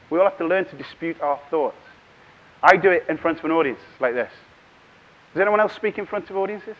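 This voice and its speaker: A man speaking at a conference in a fairly high voice, telling funny stories and slipping in voices for people's thoughts. The sound is dull and lo-fi, as if taped from a hall microphone. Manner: humorous storytelling, acts out voices and inner thoughts. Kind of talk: lively conference keynote.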